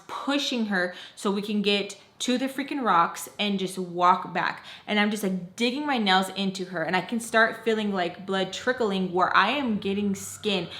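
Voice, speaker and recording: A woman vlogger with a mid-range, slightly bright voice tells a dramatic storytime tale, rambling emotionally and peppering her speech with "like." The room she's recording in is echoey.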